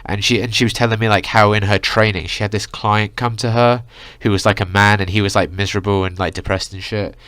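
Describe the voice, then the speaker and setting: A young man vents in a heated, swearing vlog rant, stuffed with "like" and "you know". His voice sits low for a man. The sound is dry and close, with no room echo. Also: steady tone, fairly quick, fairly bright tone. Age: young adult. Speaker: vlogger. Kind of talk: ranting vlog monologue.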